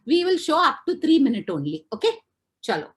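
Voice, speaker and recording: Animated woman lecturing. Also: high-pitched, a little fast. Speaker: webinar lecturer.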